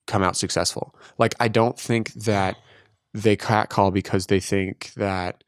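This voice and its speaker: A man's voice: lowish voice, steady tone, a little slow, smooth, dry recording, studio quality. A man co-hosting a podcast in casual late-night chat, blunt and emphatic with plenty of swearing. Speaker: podcast co-host.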